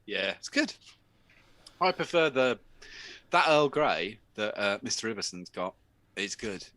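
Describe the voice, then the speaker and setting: A man chatting casually on a podcast with a lively voice that swoops up and down. He is jokey, laughs a lot and drops into silly put-on voices. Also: lowish voice, unhurried.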